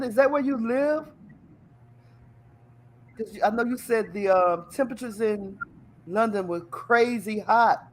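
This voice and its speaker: A woman hosting a casual live chat show, animated and teasing, laughing often as she talks. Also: fairly high pitch, unhurried, pauses often. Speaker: talk show host.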